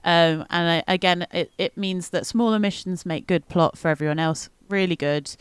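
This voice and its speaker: Smooth-voiced woman in casual podcast chat. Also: lowish voice, moderate pace, dry recording. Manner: chatty, laughs often, many ums. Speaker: podcast co-host.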